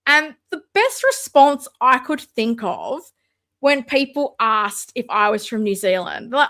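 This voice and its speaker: A woman's voice: on the high side, big pitch swings, unhurried, sharp tone. An Australian woman hosting a casual livestream, chatting and answering viewer comments. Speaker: livestream host.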